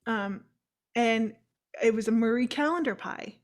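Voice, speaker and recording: A woman's voice: a little high, measured pace. A young adult woman co-hosting a casual chat show, swearing freely, laughing often and telling stories with animation. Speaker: podcast co-host.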